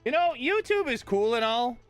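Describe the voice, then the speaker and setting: A man's voice: very high voice, big pitch swings, normal speed, clean tone, faint music behind. A middle-aged man streaming a game live, talking bluntly and with heavy swearing as he rants at his chat. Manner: profane, blunt, ranting.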